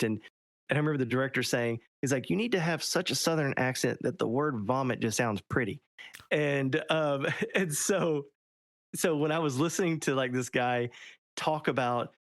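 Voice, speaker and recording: A man at a middle pitch talks in a loose, chatty way, restarting his sentences and laughing often. The recording is dry and close, with no room sound. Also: no room sound. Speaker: author. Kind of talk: casual interview talk.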